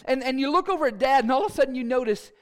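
A man preaching a sermon in an animated, playful storytelling way with asides. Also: very high voice, rapid-fire. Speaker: pastor.

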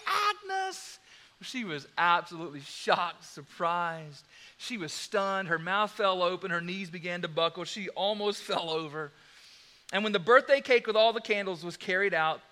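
A man preaching a sermon, telling a story in an animated, dramatic way. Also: high voice.

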